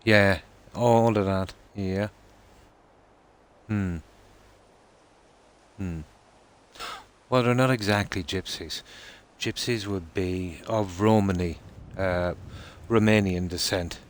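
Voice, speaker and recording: Irish man, live streamer, deep low voice, unhurried, chatty, answers viewer comments. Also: fairly even intonation, a little hiss or hum. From Ireland. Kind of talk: casual live-stream chat.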